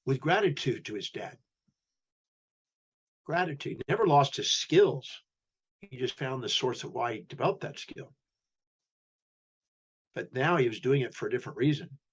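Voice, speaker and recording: Husky-voiced male storyteller, interview guest. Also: mid-range voice, normal speed, pauses often, highs cut off. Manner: animated storyteller, acting out dialogue. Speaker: guest, human behavior specialist.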